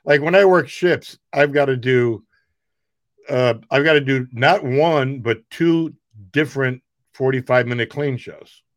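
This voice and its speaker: A middle-aged man, a comedian guest, telling rambling, animated anecdotes. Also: medium pitch, measured pace, no echo. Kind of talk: casual storytelling.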